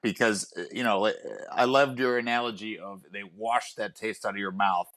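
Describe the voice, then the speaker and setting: A man's voice: fairly low pitch, steady tone, normal speed, fairly bright tone. A man guesting on a casual comedy movie-review podcast, talking in an easygoing, reflective way with plenty of fillers.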